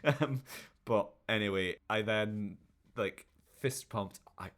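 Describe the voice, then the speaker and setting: Lower-pitched man ranting about a bad film. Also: slow pace. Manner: animated, sweary, acts out characters in mocking voices. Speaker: podcast co-host. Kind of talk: casual film review chat.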